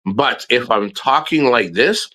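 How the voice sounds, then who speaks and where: A man's voice: medium pitch, expressive, slow, bright, forceful tone. A middle-aged man streaming live, talking casually and candidly, swearing and restarting his sentences often. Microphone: streaming microphone.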